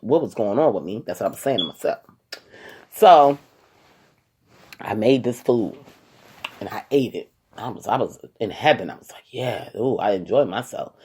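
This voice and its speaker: A vlogger talks casually to her viewers, retelling a personal story in a dramatic, animated way with many quoted asides. Her voice rumbles low and is slightly rough.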